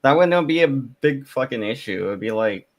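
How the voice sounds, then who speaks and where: A man's voice: mid-range voice, lively intonation, moderate pace. A man hosting a livestream, chatting casually in an easygoing way. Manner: laid-back, easygoing. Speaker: stream host.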